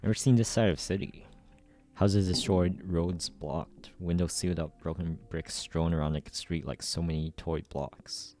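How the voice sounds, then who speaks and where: A man's voice: low voice, steady tone, measured pace, dark tone. A man reading a frightened young schoolgirl fleeing a burning city, in a tense inner monologue. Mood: shaken. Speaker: reader. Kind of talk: amateur story readthrough.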